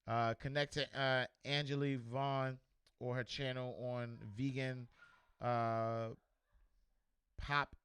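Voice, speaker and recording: A man hosting a casual livestream, reading viewer comments aloud and giving shout-outs in a loose, repetitive way. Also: mid-range voice, clean tone, no room sound. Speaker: host.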